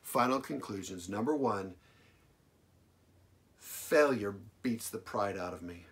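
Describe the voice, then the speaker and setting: A male pastor delivering a sermon, repeating phrases for emphasis and swinging between loud declarations and hushed lines. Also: on the low side, expressive, slow pace. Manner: dramatic preaching, big swings from loud to hushed.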